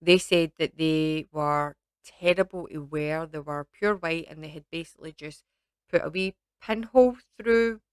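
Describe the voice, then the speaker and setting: Reviewing a film for her vlog, a Scottish woman speaks a little slowly in a low, smooth, clean voice, wandering onto tangents and saying um often. The audio is dry and close, with no echo.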